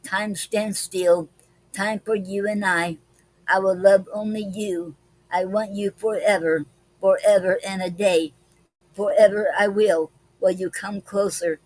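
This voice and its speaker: A woman hosting a live-stream poetry club, reading her own poems aloud slowly and deliberately between casual remarks with fillers. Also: medium pitch, steady tone, darkish tone, no room sound, low-quality recording. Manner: slow deliberate reading with many pauses and fillers.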